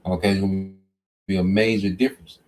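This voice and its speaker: Low-voiced man teaching scripture casually. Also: level tone, fast talker, darkish tone, a little hiss or hum. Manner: conversational, peppered with "okay?" and "man". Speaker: Bible teacher.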